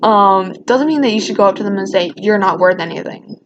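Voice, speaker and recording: A teenage vlogger launches into a rambling storytime rant, emotional and casual, often restarting her sentences. Her voice is medium-pitched and a little fast. There's background noise, and the sound is dull and lo-fi.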